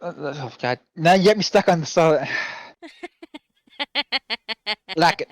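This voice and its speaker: A man narrating as game master of a tabletop game, halting and correcting himself as he goes. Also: fairly high pitch, no room sound, low-quality recording.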